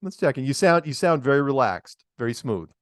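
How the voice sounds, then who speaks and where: A man's voice: mid-range voice, very animated, fairly quick, no room sound. Middle-aged male call-in host, chatty, laughs a lot, repeats himself, dry studio sound. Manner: chatty, laughs often, stammers and repeats words. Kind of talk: casual radio call-in chat.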